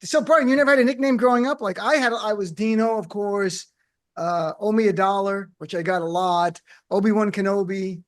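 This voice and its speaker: High-voiced male radio host. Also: brisk. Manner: animated, teasing, acts out quotes. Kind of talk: comedic panel chat. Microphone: studio mic.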